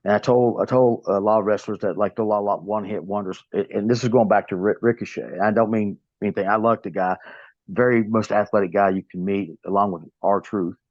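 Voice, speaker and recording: A man's voice: fairly low pitch, fairly even intonation, a little fast, no echo. A man in his fifties with a Southern US accent, a pro wrestler telling rambling stories as an interview guest. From American South. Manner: rambling storytelling with many restarts. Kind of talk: casual interview talk. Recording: dull lo-fi, dry sound.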